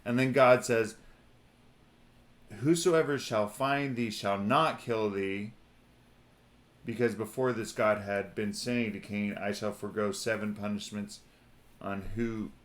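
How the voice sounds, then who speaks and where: A man in casual conversation who talks slowly and wanders through his points with many fillers. His voice sits low. He stops now and then to read a passage aloud. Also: fairly even intonation, fairly bright tone. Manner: meandering, full of fillers, reads passages aloud. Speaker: podcast co-host. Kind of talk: casual chat about scripture.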